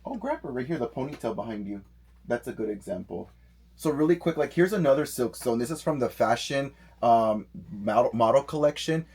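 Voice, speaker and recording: A middle-aged man co-hosting a live doll-collecting stream from his home office, reading viewer comments aloud with excited, animated greetings. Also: medium pitch, a little fast, husky. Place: home office full of dolls.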